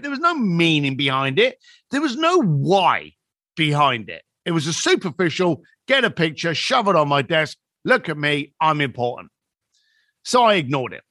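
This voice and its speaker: Man, fairly high voice, swings pitch widely, acts out other people as he tells a story, dry close sound. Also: bright, forceful tone, no echo. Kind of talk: conversational storytelling.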